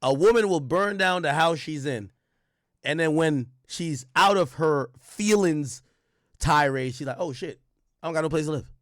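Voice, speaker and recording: A man's voice: a little high, normal speed, a bit bright, no echo, clean studio sound. Blunt, profane male streamer. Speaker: streamer commentator. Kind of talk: livestream commentary reading documents aloud.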